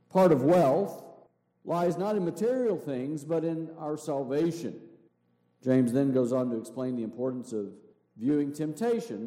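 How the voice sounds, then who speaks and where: A man's voice: medium pitch, dark tone. A man, a pastor preaching a sermon, explaining things step by step and asking rhetorical questions. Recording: echoey hall with long reverb.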